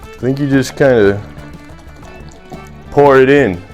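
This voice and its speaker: A young man talks in a loose, rambling comic monologue from his home kitchen. He swears freely and keeps chopping words off halfway. Faint music sits low under his voice. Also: takes it slowly, darkish tone, muffled recording. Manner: irreverent, swears often, cuts himself off mid-word. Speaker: comedy cooking host.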